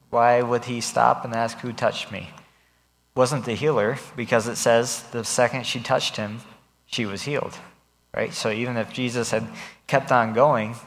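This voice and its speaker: A young man reading scripture and then preaching in a relaxed, conversational way, retelling the story in everyday speech. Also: medium pitch, creaky. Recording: long reverb of a hall.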